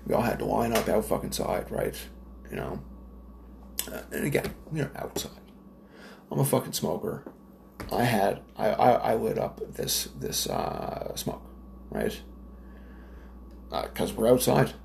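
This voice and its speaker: A man's voice: lowish voice, big pitch swings, unhurried, gravelly, long pauses, darkish tone, slight background noise. A man from Nova Scotia, Canada, ranting in a casual, profane, rambling monologue with lots of fillers and restarts. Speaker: smoker telling stories.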